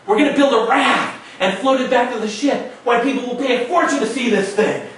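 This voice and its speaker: A man's voice: very high-pitched, a little fast, fairly bright tone, heavy reverb, recorded from a distance, poor audio. A man voicing a brash, boastful male showman filmmaker with grand talk.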